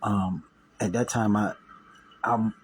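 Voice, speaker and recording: Taking it slowly, a man with a lowish, husky voice and a steady tone recounts a personal story to viewers in casual fashion. The recording is rough, and his telling is slangy and profane, with repetitions, restarts, and loud impressions of quoted voices.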